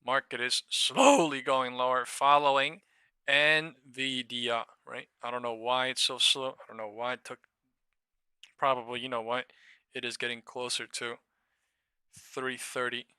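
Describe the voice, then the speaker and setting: A man live-streaming stock trading, talking to his viewers in a loose, profane, excitable way. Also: medium pitch, measured pace, smooth, no echo. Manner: profane, excitable, laughs and shouts at market moves. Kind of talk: live-stream market commentary.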